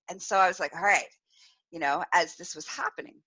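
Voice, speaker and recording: A podcast host tells a story on a live-streamed chat, animated and laughing often as she acts out quoted voices. Her voice is fairly low, brisk and slightly rough, on a muffled recording.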